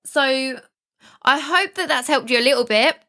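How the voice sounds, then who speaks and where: A woman's voice: sits high, moderate pace, pushed and bright. A young woman hosting a self-help podcast, talking casually and reassuringly with small laughs and restarts. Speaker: podcast host. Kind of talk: casual solo podcast talk.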